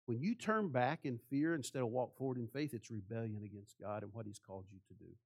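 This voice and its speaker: A man preaching a sermon with passion, asking rhetorical questions and swinging between soft, hushed phrases and loud ones. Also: mid-range voice, brisk, gravelly. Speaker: pastor.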